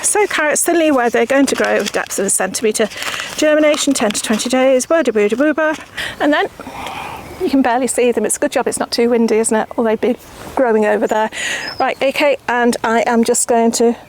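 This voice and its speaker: A woman's voice: a little high, normal speed, slight background noise. Chatty woman gardening outdoors. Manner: chatty and self-mocking, drops into whispers while working. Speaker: gardening channel host. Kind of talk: casual gardening demonstration. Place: outdoor garden beside raised beds.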